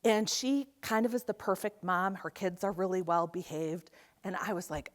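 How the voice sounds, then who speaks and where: A woman's voice: on the low side, normal speed. A middle-aged woman giving a motivational keynote talk in a conference hall, telling stories and acting out the voices of people in them. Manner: animated storytelling, acts out quoted voices. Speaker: keynote speaker.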